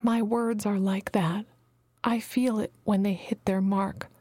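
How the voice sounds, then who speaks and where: A woman's voice: medium pitch, fairly even intonation, a little slow, mellow, breathy edge, no echo. A woman voicing a motherly female healer who calls everyone her babies, speaking soothingly and sometimes dropping to a whisper, in a dry recording. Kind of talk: audiobook character reading.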